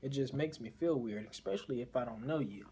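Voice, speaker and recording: A man at a middle pitch reacts to a story in loose, off-the-cuff commentary. He talks bluntly, swears freely and drifts through rambling asides. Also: fast talker, mellow, a little hiss or hum. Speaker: reaction video host.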